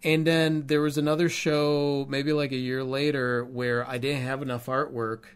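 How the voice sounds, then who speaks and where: A man co-hosting a podcast, telling stories in a candid, animated way and swearing now and then. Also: mid-range voice, moderate pace, smooth. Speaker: podcast co-host and artist. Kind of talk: casual podcast chat.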